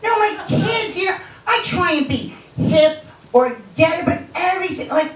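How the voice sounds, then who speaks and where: A woman's voice: very high voice, moderate pace. A middle-aged woman performing a stand-up comedy set on a club stage, telling sardonic stories about marriage and her sons. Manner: animated, sardonic storytelling. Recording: roomy club, distant mic, crowd laughter.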